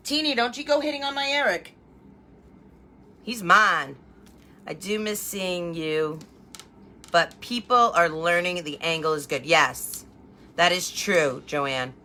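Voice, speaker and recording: A woman's voice: on the low side, slow pace, pauses often, sharp tone. A woman hosting a live crafting stream from home, chatting and greeting viewers by name as she works. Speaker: craft livestream host.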